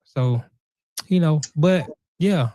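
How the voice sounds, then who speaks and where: A man hosting a podcast, chatting casually in an animated, slangy way and thinking out loud. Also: a little high, slow pace, no echo. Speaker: podcast host. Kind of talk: casual conversation.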